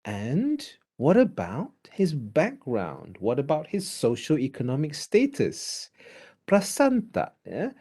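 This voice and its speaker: A man's voice: fairly high pitch, slow. A man with a Malaysian accent giving a drama lecture, switching between English and Malay and acting out examples as he teaches. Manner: animated, mixes English with Malay; acts out examples while teaching.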